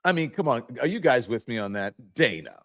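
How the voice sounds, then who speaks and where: A man hosting a political commentary show, mocking the clips he plays and breaking into high, exclaiming bursts. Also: very animated, brisk, a bit bright. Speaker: show host.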